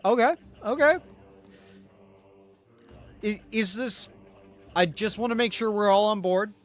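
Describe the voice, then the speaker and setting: Hesitant high-voiced man running a game. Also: fairly even intonation, moderate pace. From Canada. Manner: hesitant, restarts to check choices. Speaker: game master streamer. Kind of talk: narrating a tabletop role-play stream.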